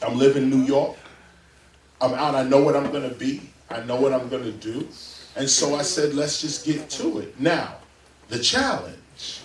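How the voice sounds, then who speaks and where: A man speaking as a guest before a live audience in a library, lecturing in an animated, emphatic way. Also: mid-range voice, normal speed, long pauses. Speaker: interview guest. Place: public library event room. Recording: roomy, distant mic.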